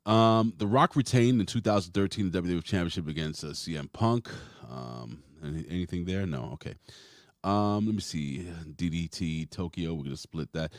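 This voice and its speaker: A man's voice: low voice, moderate pace, no echo, clean studio sound. A man hosting a casual wrestling review podcast, talking loosely and rambling, with some swearing. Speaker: podcast host.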